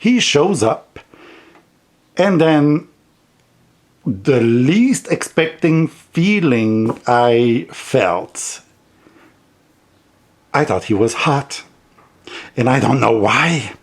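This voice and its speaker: A man's voice: mid-range voice, lively intonation, drawn-out words, pauses often, breathy edge. A man with a heavy non-native accent chatting casually on his tarot vlog, rambling and giggling as he goes. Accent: heavy non-native English accent. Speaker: tarot vlogger.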